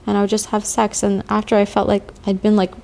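A woman in her thirties, an interviewee telling her own story in slow, halting testimony with long pauses. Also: medium pitch, completely flat delivery, creaky, a little mellow. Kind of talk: personal testimony. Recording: faint music beneath.

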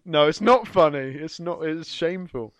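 A man's voice: on the high side, animated, moderate pace. A man co-hosting a casual podcast, chatty and self-deprecating, laughing easily. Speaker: podcast co-host. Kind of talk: casual banter.

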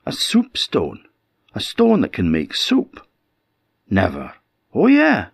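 A man's voice: deep voice, wildly swooping pitch, takes it slowly, vocal fry, husky, no room sound, studio quality, voice pushed up, full character voice. A man with an Orkney Scots accent voicing a cunning old beggar who coaxes and wheedles. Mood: coaxing. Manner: wheedling, persuasive, chuckling. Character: cunning old male beggar, coaxing and sly.

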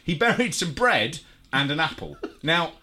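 A man's voice: on the high side, sing-song, normal speed, heavy background noise. A man hosting a podcast, telling a funny story in casual chat with a lot of laughter. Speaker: podcast host.

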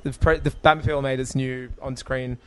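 A man's voice: mid-range voice, flat delivery, fairly quick, a little mellow, smooth. A man chatting casually as he comments on a movie, wry and chatty. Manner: wry, chatty, laughs often.

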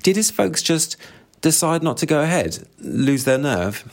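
A man's voice: on the high side, sing-song, unhurried, vocal fry, pitched above the performer's own voice, heavily acted. A man voicing a tactless, gushing middle-aged woman who gossips and gets flustered, read from a novel. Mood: gossipy.

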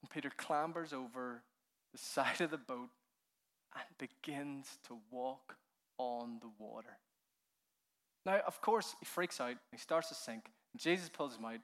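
A man preaching a keynote sermon, telling the story with animated energy, laughing often, sometimes dropping to a hush and then building up with fervor. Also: mid-range voice, a little slow. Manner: laughs often while speaking. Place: conference hall.

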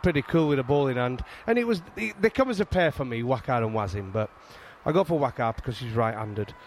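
His mid-range voice runs a little fast over a faint hiss or hum. The speaker, a middle-aged former fast bowler from England with a Yorkshire accent, chats casually as a guest, telling stories with animation and restarting often.

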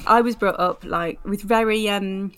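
A woman's voice: mid-range voice, fairly even intonation, measured pace, a bit bright, slight background noise. Chatty young woman, laughing. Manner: chatty, laughing, many fillers. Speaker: podcast co-host. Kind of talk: casual chat.

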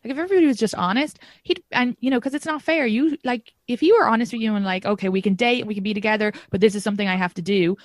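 A woman's voice: a little high, fast talker, hardly any pauses, no room sound. Chatty woman, dry close sound. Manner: rambling, many fillers and restarts. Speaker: podcast guest or host. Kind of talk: casual podcast chat.

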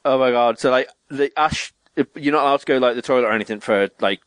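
A young man, a podcast co-host telling stories in casual chat and jumping up in pitch to act out quotes. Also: fast, no room sound. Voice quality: animated storyteller, swearing, acting out quotes in a higher voice.

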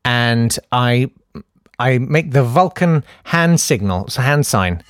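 A man's voice: medium pitch, expressive, takes it slowly, no echo, clean studio sound. Rambling, self-mocking male radio host. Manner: self-mocking, hesitant with many uhs. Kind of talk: rambling comic chat.

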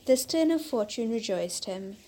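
Woman, podcast host, fairytale reading, measured pace, higher pitch. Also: animated, warm tone, poor audio. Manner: measured, unhurried storybook narration.

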